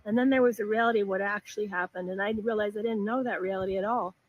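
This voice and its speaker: A middle-aged woman telling a personal story in an earnest, halting way, often restarting her sentences. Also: mid-range voice, steady tone, phone-quality sound.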